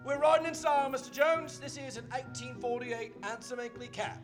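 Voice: high-pitched, brisk, lightly acted. Actor as a jovial Cockney comedian showing off his carriage, music underneath. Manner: jovial, hearty chuckling. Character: Cockney comedian man turned carriage driver, cheerful and boastful. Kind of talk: radio play acting on stage.

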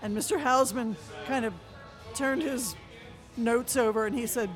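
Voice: mid-range voice, fairly even intonation, normal speed. A co-host in a casual chat, telling stories with frequent chuckles, with faint music under the talk. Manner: chuckling storyteller.

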